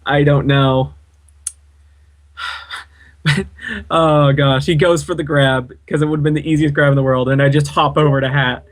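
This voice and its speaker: A man's voice: on the high side, flat delivery, normal speed, long pauses. Dry-humored guy commentating a game replay. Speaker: gaming channel co-host.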